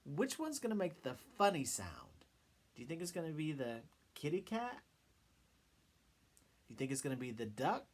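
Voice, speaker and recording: A man's voice: a little high, sing-song, moderate pace, long pauses. A man leading a children's sing-along lesson, coaxing the kids with questions and cheerful encouragement. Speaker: children's music teacher.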